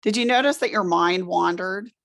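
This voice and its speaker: A middle-aged woman leading a room through a guided relaxation exercise, giving slow, soothing instructions. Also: medium pitch, vocal fry, a bit bright. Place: presentation room with an audience.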